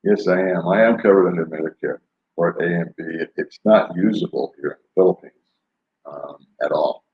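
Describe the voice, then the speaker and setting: A man's voice: deep voice, normal speed. An older man chatting casually on a live stream, rambling and laid-back, laughing often as he answers viewers. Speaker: vlogger answering live chat. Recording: roomy, dull lo-fi sound.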